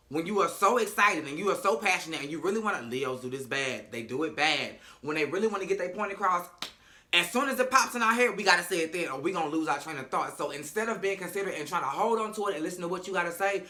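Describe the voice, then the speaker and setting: A man's voice: on the high side, animated, brisk, bright, forceful tone. A man giving a casual reality-show recap, sassy, emphatic and profane.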